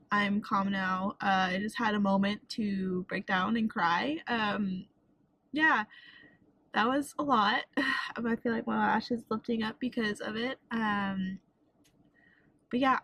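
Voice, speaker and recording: Young Texan woman, vlogger, tearful and shaken, casual, many "like"s, slightly high voice. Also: sharp tone, rough recording. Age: young adult. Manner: emotional, swearing, fillers of "like". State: tearful, crying. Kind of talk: casual storytime vlog.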